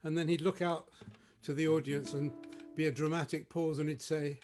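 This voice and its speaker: A man's voice: on the high side, level tone, moderate pace, darkish tone. A man introducing a blues guitar piece with a rambling, chuckling anecdote, recorded at home for an online session. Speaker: guitarist and singer. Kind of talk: casual spoken introduction.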